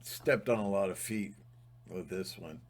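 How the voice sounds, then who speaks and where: A man's voice: low-pitched, measured pace. A man giving a rambling, emphatic spiritual monologue, sometimes breaking into mocking mimicry. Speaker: spiritual vlogger.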